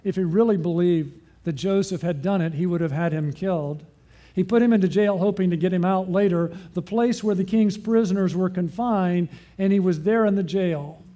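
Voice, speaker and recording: A man's voice: sits high, moderate pace, mellow. A man preaching a sermon, often putting questions to his listeners and answering them himself.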